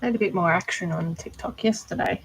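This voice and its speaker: A doll maker chats casually with viewers on a craft livestream, laughing often and trailing off mid-thought. Her voice is fairly low and quick, and the poor audio carries a little hiss or hum.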